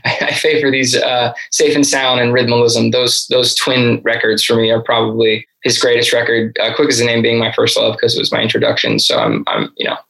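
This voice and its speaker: Guy guest on a rap podcast, bright voice, picks his words, kinda analytical. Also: mid-range voice, a little fast, vocal fry, few pauses, poor audio. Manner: thoughtful, self-correcting, analytical. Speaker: guest writer. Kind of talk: casual podcast interview.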